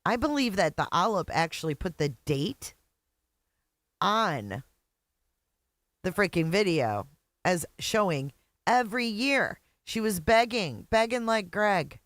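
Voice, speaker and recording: A streamer reacts live to a clip with sarcastic, disbelieving asides and breaks off to greet chat by name. The voice sits at a middle pitch and sounds dry and close to the mic. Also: very animated, slow pace, long pauses, a bit bright, no echo.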